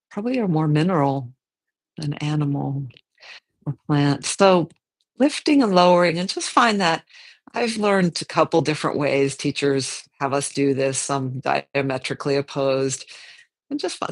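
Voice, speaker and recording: A yoga teacher guiding a slow movement and meditation class, in a gentle, unhurried way, thinking aloud and correcting themself as they go. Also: medium pitch.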